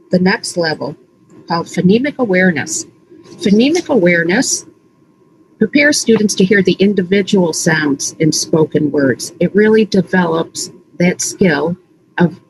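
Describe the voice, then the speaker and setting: A woman literacy coach leading an early-reading lesson, saying words slowly and stretching out their sounds. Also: fairly low pitch, a little hiss or hum, poor audio. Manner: slow, deliberate, exaggerated word sounds. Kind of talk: slow instructional teaching, modeling sounds.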